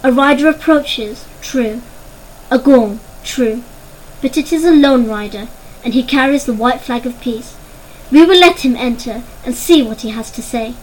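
A woman voicing a grown rabbit chieftain who speaks calmly, firmly and with command. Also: sits high, a little slow, a little hiss or hum, rough recording. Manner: commanding, calm and firm.

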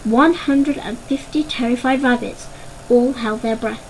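A woman narrating a children's storybook in an expressive, dramatic way. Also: on the high side, unhurried, a little hiss or hum, low-quality recording.

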